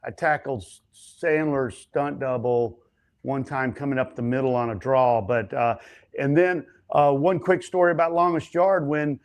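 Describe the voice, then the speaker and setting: A stuntman and actor telling set stories as an interview guest, animated and chatty, acting out other people's lines. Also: mid-range voice, normal speed. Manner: frequent fillers and restarts. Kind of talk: casual storytelling interview.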